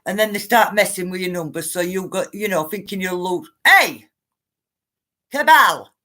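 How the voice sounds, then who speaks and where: A woman's voice: lowish voice, fairly even intonation, brisk, fairly bright tone. A woman, chatting live to viewers, greeting them by name and ranting now and then. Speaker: livestream host. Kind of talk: casual livestream chat.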